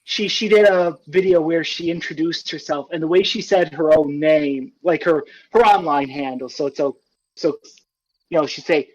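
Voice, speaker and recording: Male co-host, high-pitched, halting careful explainer in casual chat. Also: darkish tone, lo-fi sound. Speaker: let's play co-host.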